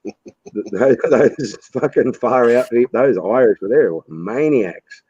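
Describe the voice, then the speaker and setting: A man's voice: mid-range voice, a little slow, dark tone, husky, dry recording, lo-fi sound. A man in casual chat who swears freely and laughs a lot.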